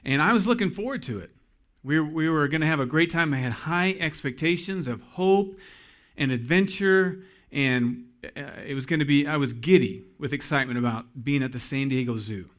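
A man in his forties, a pastor preaching a sermon to his congregation in an earnest storytelling manner, pausing for emphasis. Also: fairly high pitch, a bit bright. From Iowa.

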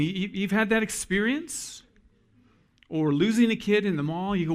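Earnest male pastor telling a story. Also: a little high. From Iowa. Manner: storytelling, earnest, pauses for emphasis. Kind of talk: sermon.

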